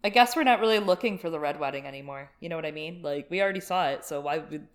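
Wry lower-voiced woman podcast co-host. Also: fast talker. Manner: wry, jokey, puts on voices in quotes. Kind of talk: casual book discussion.

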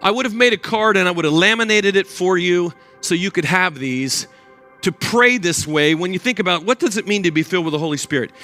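An older man preaching a sermon as pastor, an animated storyteller who acts out the voices of people in his stories. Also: high-pitched, a little fast, faint music behind.

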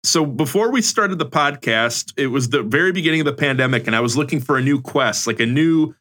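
A man's voice: mid-range voice, lively intonation, fairly quick, fairly bright tone. A man co-hosting a podcast, telling a story in a laid-back, rambling way. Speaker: podcast co-host.

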